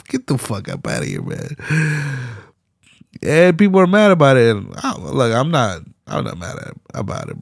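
A man's voice: medium pitch, gravelly, no echo, studio quality. A young man hosting his own podcast, talking solo in loose profane slang with plenty of laughter. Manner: profane, animated street slang, frequent laughs. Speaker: podcast host. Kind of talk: casual solo commentary.

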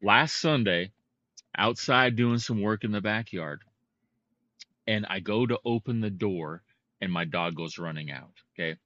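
Man, podcast co-host, casual storytelling, lowish pitch, muffled lo-fi sound. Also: measured pace, dry recording. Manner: animated, heated storyteller.

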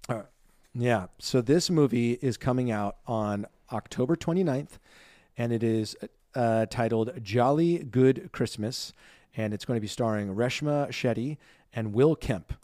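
A man's voice: medium pitch, unhurried, warm tone, no room sound, clean studio sound. Chatty bubbly man on a podcast. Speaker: podcast co-host. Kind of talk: casual chat.

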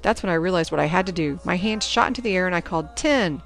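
A woman's voice: lowish voice, rapid-fire, gravelly, fairly bright tone, soft background music. Woman narrating a teen novel. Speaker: audiobook narrator. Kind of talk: first-person novel narration.

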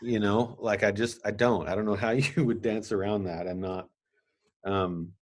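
A man hosting a podcast, reading scripture aloud and explaining it in a casual, halting way with asides. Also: fairly low pitch, fairly even intonation. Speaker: podcast host. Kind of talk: casual Bible teaching.

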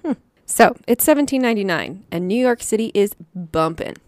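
A woman's voice: mid-range voice, animated, normal speed, a little mellow, no room sound. A woman co-hosting a podcast in casual chat, giggling often as she talks. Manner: giggly, laughs often between words. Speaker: podcast co-host and storyteller.

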